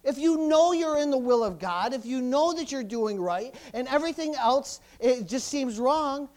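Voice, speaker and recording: A man preaching a sermon, folksy and joking at times, building up to shouts with many hallelujahs and praise the Lords. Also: very high voice, expressive, normal speed. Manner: folksy, jokey asides. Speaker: pastor.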